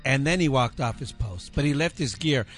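A man's voice: mid-range voice, lively intonation, normal speed, faint music behind. A man co-hosting a casual talk show, earnest and explanatory, laughing along with the others. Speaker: co-host. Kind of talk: casual chat.

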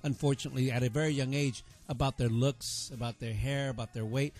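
A man's voice: medium pitch, steady tone, a little mellow, faint music behind. A man hosting a radio show, trading playful, teasing banter with his co-hosts. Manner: playful, teasing, quick comebacks. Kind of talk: joking on-air banter.

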